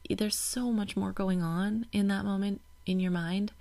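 A woman's voice: mid-range voice, flat delivery, normal speed, creaky, darkish tone, no echo. A woman in her thirties hosting a parenting podcast, talking reflectively in a casual solo way. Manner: reflective, gets emotional and laughs it off.

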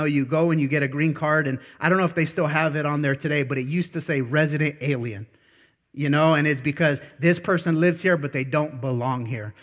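A man preaching a sermon in an animated, blunt way, asking the congregation questions. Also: a little high. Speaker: pastor.

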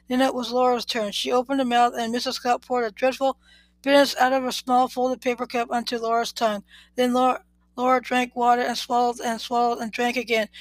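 A woman reading a children's book aloud in a steady, plain way, now and then correcting a word. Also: a little high, no room sound, rough recording. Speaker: reader.

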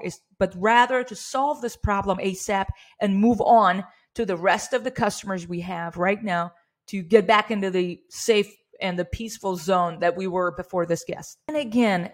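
A middle-aged woman and business owner coaching her staff on handling angry customers, earnest and encouraging, now and then acting out polite service phrases. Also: medium pitch. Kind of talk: workplace training talk.

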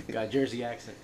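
A man co-hosting a casual podcast chat, joking and rambling, often laughing. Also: medium pitch. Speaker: podcast co-host.

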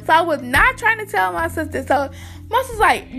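A young woman with a high voice, telling a storytime in a chatty, slangy way. She speaks straight to her viewers and calls them y'all. Faint music plays underneath. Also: sing-song, brisk, sharp tone. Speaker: vlogger. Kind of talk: casual storytime.

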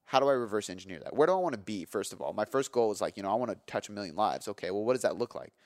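A man in his thirties with a low voice, hosting his own podcast. He tells a candid personal story with energy and emphasis, swearing now and then. The sound is dry and close, with no room around it. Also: rapid-fire, no room sound. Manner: energetic, emphatic, frequent fillers and profanity. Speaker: podcast host.

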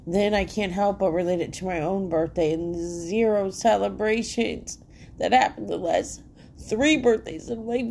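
A woman's voice: mid-range voice, a little slow, gravelly, a little mellow, slight background noise. A woman hosting her own podcast from home, rambling in a casual, profanity-laced monologue full of "like," her nose congested. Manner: profane, rambling, heavy filler "like". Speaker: solo podcast host.

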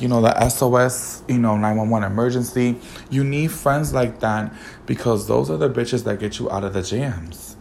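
Sassy gravelly man telling a story. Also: mid-range voice, a little hiss or hum, rough recording. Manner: sassy, animated slang-heavy gossip. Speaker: podcast host. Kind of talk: casual storytelling monologue.

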